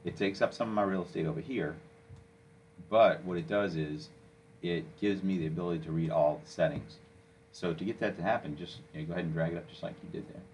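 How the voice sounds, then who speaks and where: A man walking a listener through software step by step, coaching and checking in with "okay?" as he goes. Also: deep voice, steady tone, fast, a little hiss or hum, low-quality recording. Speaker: software instructor. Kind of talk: screen-recorded software tutorial.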